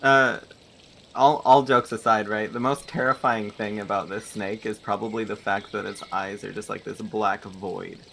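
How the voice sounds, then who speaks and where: A man's voice: lowish voice, steady tone, moderate pace, vocal fry, fairly bright tone, slight background noise. A man with a British accent, playing a tabletop game in a casual, playful way and laughing often. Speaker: player.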